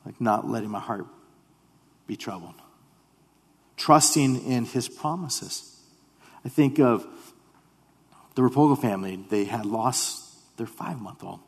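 A man preaching a sermon in an earnest way, repeating himself and dropping to a hush when he voices quoted prayers. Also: mid-range voice, measured pace, long pauses, husky. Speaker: pastor. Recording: long hall reverb.

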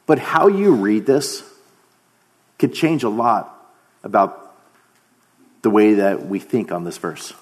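A man's voice: lowish voice, big pitch swings, takes it slowly, pauses often, a little mellow. A man preaching a sermon, emphatic, dropping to a near-whisper on key phrases.

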